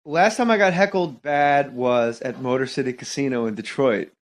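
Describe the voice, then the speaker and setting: A male stand-up comedian telling an animated, profane story about a gig on a casual podcast. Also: mid-range voice, moderate pace.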